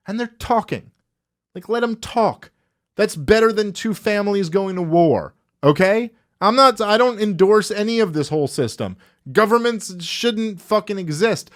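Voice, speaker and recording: Male podcast host, higher-pitched voice, animated and profane delivery. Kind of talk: casual political podcast chat.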